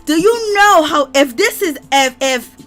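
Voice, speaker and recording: A woman hosting a casual livestream gossip show, drawling and animated, calling her viewers "baby". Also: high-pitched, measured pace. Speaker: celebrity gossip host.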